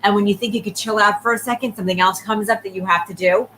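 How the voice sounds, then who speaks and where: A woman giving a live psychic reading, talking quickly and checking in often with the person she reads for. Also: mid-range voice, steady tone, fairly bright tone, a little hiss or hum, rough recording. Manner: rapid, repeatedly checking in with the sitter. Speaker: psychic medium.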